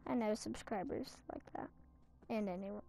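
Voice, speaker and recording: Her mid-range voice has a dark tone and vocal fry, moving at a normal speed. This young gaming channel host gives casual Minecraft commentary while playing, rambling and self-mocking.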